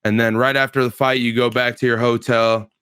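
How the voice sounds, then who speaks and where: A man's voice: medium pitch, flat delivery, brisk, fairly bright tone, clear, resonant tone, no room sound, studio quality. A man in his twenties, a pro fighter, telling a story in casual chat on a podcast, laid-back and full of slang and filler words.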